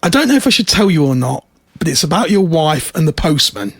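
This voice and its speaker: A man voicing a cheeky talking male parrot in a joke he tells, with a sly, gossipy delivery and a husky voice. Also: fairly high pitch, sing-song, a little fast, no echo, clean studio sound, heavily acted. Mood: conspiratorial.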